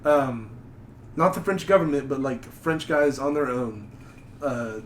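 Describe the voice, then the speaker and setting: A man telling rambling, animated stories on a casual podcast. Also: mid-range voice, unhurried. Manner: rambling, animated storytelling with mocking put-on voices. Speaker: podcast host. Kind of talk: casual chat. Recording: echoey room with faint noise.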